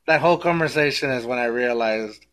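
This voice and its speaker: A man's voice: mid-range voice, fairly quick, a bit bright. Laid-back man hosting a podcast. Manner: laid-back, laughs often, hesitant fillers. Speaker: podcast host. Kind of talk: casual interview chat.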